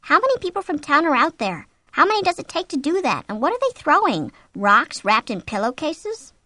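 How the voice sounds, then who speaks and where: A woman's voice: very animated, slow pace, bright, forceful tone, no echo, full character voice. A woman reading the lines of a young wife whose nervous giggles turn to fear. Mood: anxious. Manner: high, pleading and anxious.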